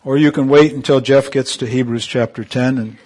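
A man preaching a sermon, calling on the congregation for amens and swinging from emphatic peaks to soft, quiet asides. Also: mid-range voice, fairly even intonation, fairly quick. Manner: call-and-response, rising to emphatic peaks then dropping soft.

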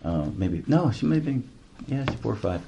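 A man's voice: fairly low pitch, big pitch swings, a little fast, vocal fry. A man leading a casual group Bible study, chatty and telling stories between verses. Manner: chatty, storytelling, laughs easily. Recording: noisy amateur room recording.

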